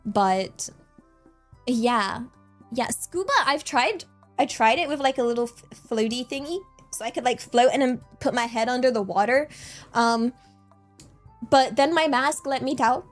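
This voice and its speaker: Soft background music accompanies a young vtuber whose slightly high voice moves at a measured pace. Her casual chatter is rambling and full of giggles, with frequent repetition and quick bursts of excitement.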